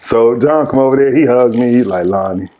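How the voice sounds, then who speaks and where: A man's voice: medium pitch, brisk, warm tone, highs cut off. A man guest on a podcast, telling old basketball stories in a casual way and laughing through them. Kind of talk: casual storytelling.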